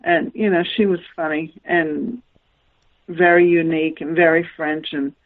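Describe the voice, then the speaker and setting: Her voice sits low and moves a little slowly, carrying a Southern accent from the American South. Interviewed on the radio as a guest author, she rambles through a lengthy personal story, lively and laughing along the way. The call comes through a tinny phone line.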